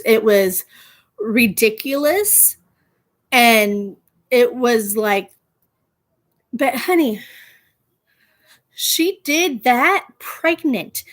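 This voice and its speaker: A woman in her thirties hosting a casual pop culture podcast, chatty and animated, laughing often and using playful slang. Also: fairly high pitch. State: gets out of breath walking, pregnant. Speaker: podcast host.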